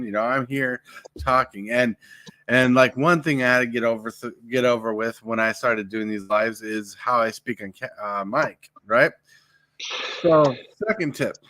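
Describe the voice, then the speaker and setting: A man talking casually on a late-night live podcast from home, passing on advice in a coaching way. His voice is bright and forward, recorded dry and close with no room echo. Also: medium pitch. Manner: coaching, gives tips on projecting voice. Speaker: podcast host. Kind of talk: casual live-stream chat.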